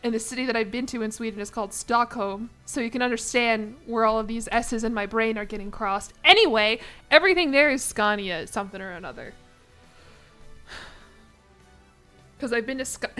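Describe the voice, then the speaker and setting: A woman's voice: on the high side, a bit bright. A young woman streaming a game, talking casually and laughing at her own mistakes, often apologizing. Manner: self-deprecating, laughing, apologetic. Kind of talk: casual live-stream commentary.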